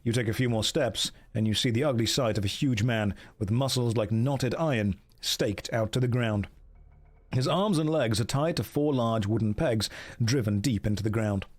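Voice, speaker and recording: A man impersonating an older nature-documentary narrator, reading a gamebook in a low, measured, hushed voice. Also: close to an everyday voice. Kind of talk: gamebook read-aloud.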